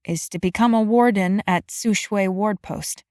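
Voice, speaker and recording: A woman's voice: medium pitch, measured pace, darkish tone, no echo, studio quality, natural voice. A woman voicing a flustered young female graduate. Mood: tentative. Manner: sputtering, tentative, polite. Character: anxious young female academy graduate, earnest.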